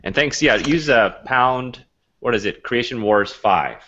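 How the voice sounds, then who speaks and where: A man hosting a casual web show, speaking loosely and easily, with plenty of pauses and fillers. His voice sits at a middle pitch. The call audio is slightly dull, and the room is echoey. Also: expressive, pushed and bright. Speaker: host.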